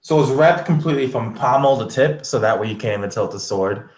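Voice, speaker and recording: A man plays his character in a tabletop game, keeping his replies short and easygoing. His voice sits at an ordinary pitch for a man, and the room gives it a roomy echo. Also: a little fast, a little mellow. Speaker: player. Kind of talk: casual tabletop play.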